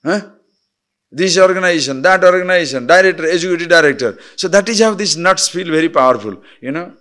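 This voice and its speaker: Man, spiritual teacher, fairly high voice, blunt rhetorical questions. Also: animated, fast, sharp tone. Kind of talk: spiritual discourse.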